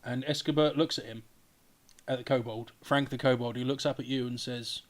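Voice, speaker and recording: A man's voice: medium pitch, fairly even intonation, fairly quick. A man narrating as game master of a tabletop game, casual and sweary.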